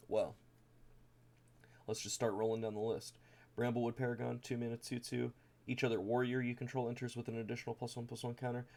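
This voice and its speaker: A man's voice: mid-range voice, creaky, a little mellow. A man casually walking through his card deck one card at a time, reading the card text aloud with plenty of fillers and restarts. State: tired, yawning. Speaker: deck tech host.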